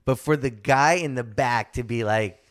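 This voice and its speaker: A man guest in a casual podcast chat, telling animated anecdotes and acting out the voices of people he quotes. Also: medium pitch, normal speed. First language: speaks German from a German mother.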